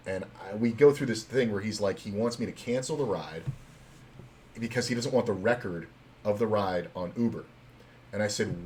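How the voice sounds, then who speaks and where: A man's voice: on the low side, normal speed, darkish tone, a little hiss or hum. A young man streaming live, chatting casually and telling stories in a loose, rambling way full of fillers and swearing.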